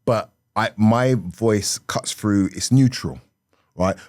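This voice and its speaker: A middle-aged man with a South London accent, a comedian telling stories on a podcast in a lively, laughing way that keeps slipping into acted voices. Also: lowish voice, takes it slowly, no echo. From South London, England. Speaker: comedian guest. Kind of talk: animated podcast storytelling.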